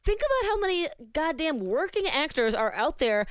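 A woman's voice: sits high, sing-song, moderate pace, dry recording, clean studio sound. A woman co-hosting a podcast in casual chat, eager and agreeable, often rambling as she works out her point. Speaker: podcast co-host.

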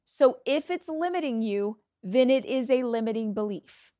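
A woman in her forties hosts a motivational podcast in a blunt, energetic voice and swears now and then. Her voice sits a little high. The close mic gives a dry sound with no room echo. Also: moderate pace. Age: 40s. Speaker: podcast host.

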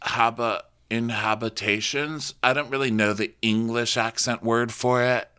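A man's voice: medium pitch, level tone, moderate pace, pushed and bright, clean tone. A man co-hosting a comedic recap, chatting playfully and joking. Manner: playful, joking, acts out quotes. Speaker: podcast co-host.

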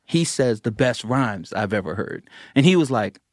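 Storyteller, male, animated; dry close sound, jumps high when quoting others. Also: normal speed, no room sound. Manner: animated, acts out other people's quotes with big pitch jumps. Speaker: guest recounting a story. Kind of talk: casual anecdote.

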